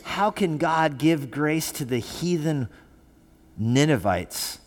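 Pastor guy preaching sunday sermon, kinda high voice, stacks up repeated lines for emphasis. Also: lively intonation, slow. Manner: preaching with rising emphasis and repetition. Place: church sanctuary.

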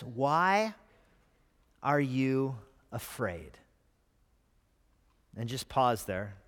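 A pastor with a fairly high male voice delivers an animated sermon in a church sanctuary. His voice jumps up sharply when he acts out frantic pleas, then drops back to a conversational tone. The sound carries a long hall reverb. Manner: animated, voice leaping up when quoting cries.

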